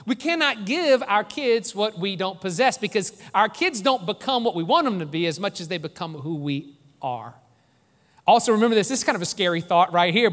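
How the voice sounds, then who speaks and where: A man's voice: high voice, fairly bright tone. A man in his forties, a pastor delivering an earnest, emphatic sermon with repeated phrases. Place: church sanctuary. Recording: echoey hall reverb.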